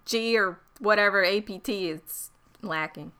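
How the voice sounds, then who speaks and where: A woman's voice: mid-range voice, a little slow, pushed and bright, clean tone. A woman co-hosting a podcast in casual chat, chiming in with short agreement and laughing often. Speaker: podcast co-host.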